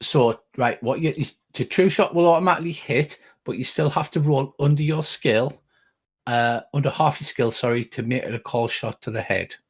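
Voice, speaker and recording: A man's voice: mid-range voice, normal speed, husky. A middle-aged man narrating as game master, rambling with frequent restarts and casual swearing.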